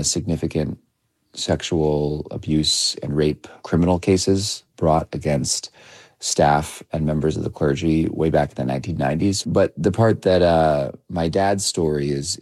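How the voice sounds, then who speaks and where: A man in his thirties, a documentary filmmaker, giving measured, reflective interview answers with frequent restarts. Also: rumbling low, a little mellow, no echo, clean studio sound. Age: 30s. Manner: measured, with many restarts and hedging fillers.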